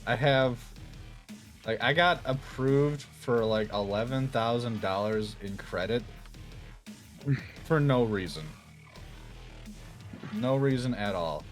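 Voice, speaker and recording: A man's voice: medium pitch, slow pace, long pauses. A man hosting a stream, chatting in a laid-back way, swearing casually and reassuring his friend. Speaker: streamer host. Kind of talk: casual chat. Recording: faint music behind.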